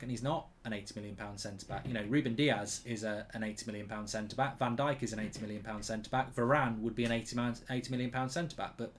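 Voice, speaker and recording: A man hosting a live football watchalong, reading chat messages and reacting excitedly to goals. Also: fairly low pitch, slight background noise. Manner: excitable, bursts out loud when goals go in.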